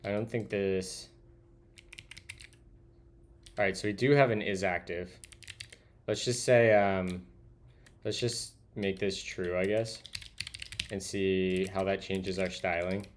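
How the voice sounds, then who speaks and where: A man's voice: low-pitched, steady tone, unhurried, slight background noise. A man streaming live as he codes, thinking aloud and muttering to himself as he types. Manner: muttering to himself while typing. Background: keyboard typing.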